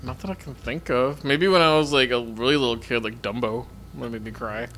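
A man's voice: medium pitch, fairly quick, a bit bright. A man with a mid-range voice chatting as a podcast co-host. He trades dry, sarcastic quips and teasing jokes. Faint background noise hangs under his voice. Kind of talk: casual chat.

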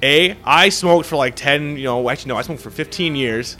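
A young man with a slightly high voice, chatting loosely as a podcast co-host. He rambles, restarts often and swears in nearly every sentence. Faint music plays behind him. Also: fairly quick, pushed and bright. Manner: profane, rambling, swears constantly. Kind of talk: casual chat.

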